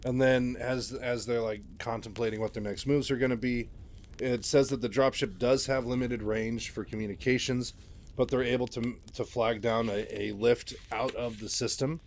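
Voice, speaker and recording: A man's voice: mid-range voice, steady tone, normal speed, darkish tone. A man casually retelling a sci-fi game's story in a loose, chatty way with frequent fillers. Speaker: lore narrator. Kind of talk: casual retelling of game lore.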